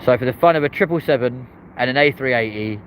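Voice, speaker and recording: A man's voice: mid-range voice, fast talker, rough recording. A man hosting a live stream outdoors beside an airport runway, chatting cheerily and reading out viewers' comments in casual British slang. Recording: loud wind and traffic noise outdoors. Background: wind and passing vehicles.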